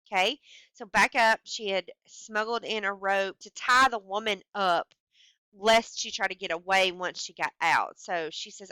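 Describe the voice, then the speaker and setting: A woman's voice: medium pitch, unhurried, bright, forceful tone, clear, resonant tone, no echo. A woman teacher talking through a story in a lecture screencast. She reads passages aloud with animation and explains them casually, with many fillers.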